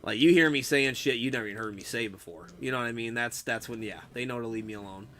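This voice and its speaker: A young man, a young adult, hangs out with viewers on a game live stream, casual and laid-back, cursing freely, laughing frequently, and using "dude." His voice is medium-pitched, fast, and fairly bright, with a little hiss or hum.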